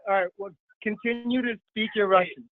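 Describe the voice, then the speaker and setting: A man co-hosting a casual podcast speaks in an excitable, giggly way, coaxing his guest along. His voice sits high, and the recording is dry and tinny, almost like a phone line. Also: brisk, no echo. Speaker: podcast host.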